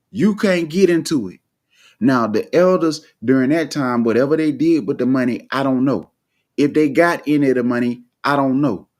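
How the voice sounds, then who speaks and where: A man from the United States hosting a livestream, giving a casual commentary monologue with halting restarts and rhetorical questions to his listeners. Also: medium pitch, a little mellow. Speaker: livestream host.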